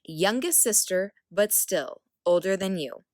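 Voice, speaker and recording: A woman's voice: medium pitch, animated, measured pace, darkish tone, no room sound, studio quality, lightly acted. A woman voicing a bossy youngest goddess sister who interrupts and demands in a storybook reading.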